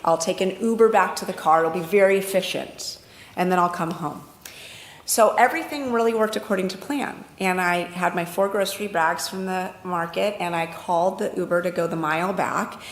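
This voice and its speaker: A woman's voice: medium pitch, reverberant. A woman telling a personal story at a religious service, in an easy storytelling way. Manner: warm storytelling, quotes others in dialogue.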